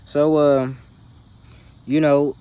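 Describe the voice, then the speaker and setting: Slightly high and smooth, this man's warm voice moves very slowly with a flat delivery. He's a movie recap host casually retelling a film's plot in slangy, loose talk, often checking in with "you feel me" asides.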